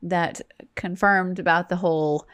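A middle-aged woman co-hosting a chatty podcast. She tells stories in an animated way, voices the other people in them, and swears casually. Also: lowish voice, measured pace, clear, resonant tone. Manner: animated storytelling, acts out quotes, swears freely. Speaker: podcast co-host. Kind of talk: casual chat.

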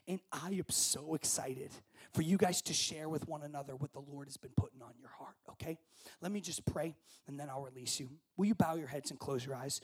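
High-voiced impassioned male camp preacher. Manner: impassioned, shouting at peaks, then soft and hushed. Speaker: camp speaker. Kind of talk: sermon to students. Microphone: handheld microphone.

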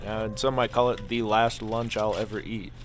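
A man's voice: fairly low pitch, flat delivery, normal speed, music in the background. A man co-hosting a casual lunchtime podcast in an office, talking with his mouth full and rambling with many fillers. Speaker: podcast co-host. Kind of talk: casual chat while eating lunch.

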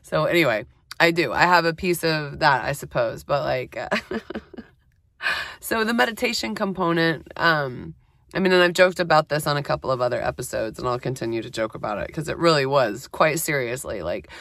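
Casting: chatty woman podcast host, low voice, dry close sound, recorded on a phone in a closet. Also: animated, normal speed, gravelly, a bit bright, no echo. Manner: chatty, self-deprecating, lots of fillers. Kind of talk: casual solo podcast talk. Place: small closet.

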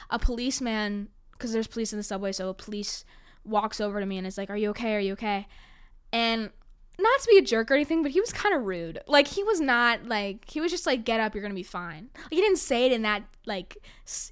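A young woman's clear, resonant voice, on the high side, carries a casual storytelling monologue. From New York, she recounts personal stories dramatically and chattily, laughing often and leaning on "like."

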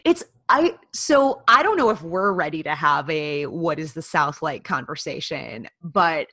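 Woman co-host, lively, swinging pitch and bright tone, swears casually, jokey. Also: unhurried. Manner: laughing, swears freely, loose and jokey. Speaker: podcast co-host. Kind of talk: casual chat.

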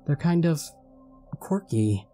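A man's voice: a little high, expressive, takes it slowly, dark tone, soft background music, pitched above the performer's own voice. A man voicing a young wife who hides her disappointment, speaking hesitantly and awkwardly reassuring.

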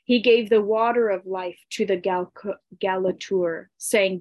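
A woman narrating an ancient myth in a deliberate, solemn storytelling style. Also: medium pitch, fairly even intonation, darkish tone, dry recording, highs cut off.

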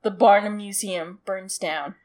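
A woman's voice: medium pitch, fairly even intonation, unhurried, a little mellow. A woman co-hosting a podcast, telling a story in casual chat, giggly and swearing freely. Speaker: podcast co-host.

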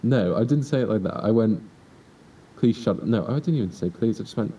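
A teenage man co-hosting a podcast, talking in a dry, deadpan way in a casual chat. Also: brisk, husky. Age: teens. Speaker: podcast co-host. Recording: distant mic with faint rumble.

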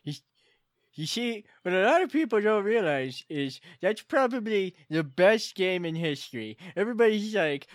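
A man rambling through stories in a comedic improv role-play. His voice sits a little high. The recording is dry and close. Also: expressive, normal speed, no room sound.

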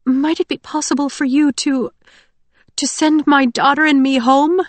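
A woman's voice: sits high, fairly even intonation, a little slow, no echo, voice pushed up. A woman reading an audiobook, voicing a frightened, tearful woman who pleads and sniffles. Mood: pleading.

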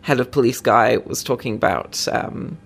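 A woman's voice: very deep voice, moderate pace, creaky, a little hiss or hum. A woman comedian chatting casually on a podcast, rambling and self-deprecating with many fillers.

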